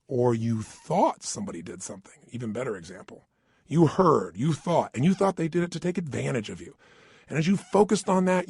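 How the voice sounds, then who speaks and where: A middle-aged man giving an energetic motivational talk into a studio microphone, emphatic and questioning the listener directly. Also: a little high, husky, dry recording. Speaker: motivational speaker.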